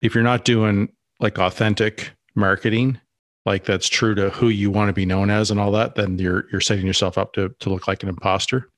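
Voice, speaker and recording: A man's voice: fairly low pitch, flat delivery, normal speed, no echo, studio quality. A man co-hosting a business podcast, talking casually and rambling with many restarts and asides. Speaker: podcast co-host.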